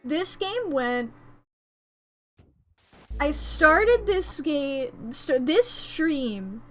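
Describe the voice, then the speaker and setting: A woman streamer wrapping up a stream, excitable and giggly, chatting casually with her viewers. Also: high-pitched, drawn-out words, soft background music. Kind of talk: casual stream wrap-up chat.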